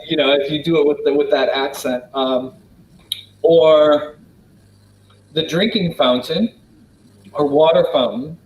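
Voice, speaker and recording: An American man from Wisconsin answering questions in a relaxed, casual way, with many fillers and restarts. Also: a little high, unhurried, long pauses, echoey room, slight background noise, low-quality recording. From Wisconsin, United States. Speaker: guest diplomat answering questions. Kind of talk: casual spoken Q&A.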